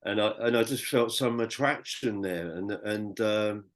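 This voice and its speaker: A man's voice: on the low side, a little slow. A British man, a podcast guest, telling his personal story in a rambling, heartfelt way with many restarts. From Britain.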